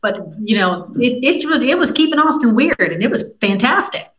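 A woman, a news reporter, tells stories as a podcast guest. She sounds lively and pokes fun at herself. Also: fairly high pitch, moderate pace, low-quality recording. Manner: lively, self-deprecating storyteller. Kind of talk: casual podcast interview.

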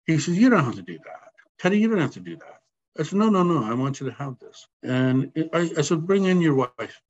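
A man telling a personal story as a podcast guest, animated and acting out the voices of the people in it. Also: mid-range voice. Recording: slightly dull sound, faint background noise.

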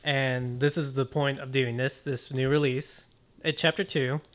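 Man, bright tense voice, podcast co-host, hesitant, hedging. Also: mid-range voice, steady tone, a little slow. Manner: hesitant, hedging, many fillers. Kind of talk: casual film chat.

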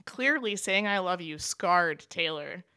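Lowish and smooth, this podcast co-host's voice keeps a measured pace as she gushes casually and expressively as a fan. The young woman is recorded at studio quality with no echo.

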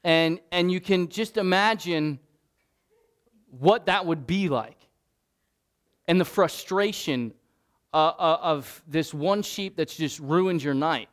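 Male pastor, earnest and chatty, slightly high voice, sermon delivery. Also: slow pace, long pauses. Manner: conversational, earnest preaching with restarts.

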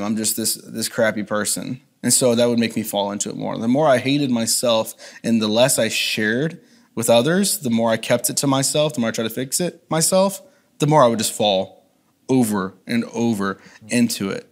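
A man's voice: medium pitch, animated, normal speed. A man reflectively sharing a personal testimony as an interview guest, with frequent restarts. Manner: earnest, reflective, many restarts.

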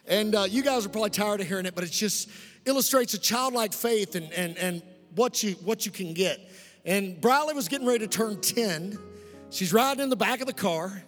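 Middle-aged preacher guy, kinda high voice, cracking jokes and asking the church for amens, big echoey hall. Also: brisk, faint music behind. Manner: lively, humorous, calls out to the congregation for amens. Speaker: pastor. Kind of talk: preaching a sermon. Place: church sanctuary. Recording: long reverb in a large hall.

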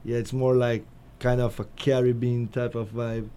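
A man's voice: medium pitch, little pitch movement, moderate pace, mellow, clean tone. A man from Brazil, a touring musician, chatting easily as a guest on a talk show. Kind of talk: casual interview chat.

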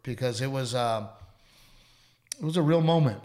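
A man co-hosting a podcast talks in a casual, chatty way. His voice sits at a medium pitch, and he tells earnest stories that drop to a hushed tone when they turn heartfelt. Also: moderate pace. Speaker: podcast co-host. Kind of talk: casual chat and storytelling.

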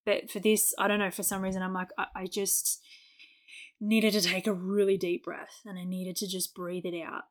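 A young adult woman in a relaxed podcast chat, speaking with a mid-range pitch. She talks openly, laughs often and replays her own remarks in quoted bits. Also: moderate pace, a little hiss or hum. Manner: candid, laughs often, acts out her own past words. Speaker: podcast co-host. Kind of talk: casual chat.

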